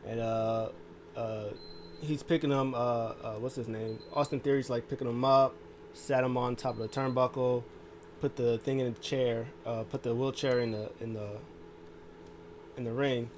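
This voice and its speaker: A man's voice: medium pitch, fairly even intonation, moderate pace, darkish tone, a little hiss or hum. A man casually recapping a wrestling show, rambling along with lots of fillers. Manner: rambling, full of fillers and restarts. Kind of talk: casual chat.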